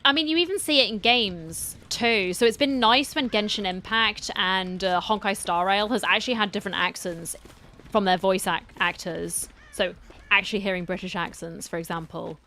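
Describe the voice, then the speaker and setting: A woman's voice: mid-range voice, moderate pace, sharp tone. A woman chatting casually on a live stream while playing, answering her chat in a playful, slightly dramatic way.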